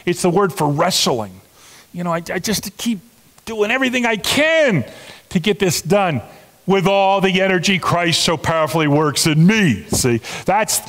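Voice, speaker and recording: A middle-aged man gives a sermon in a fairly high voice. He speaks earnestly, almost conversationally, and leans hard on key words as he turns to the congregation. His voice trails off in the long reverb of a large hall. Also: a bit bright. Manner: earnest, conversational preaching with emphatic stresses and asides to the congregation. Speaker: pastor.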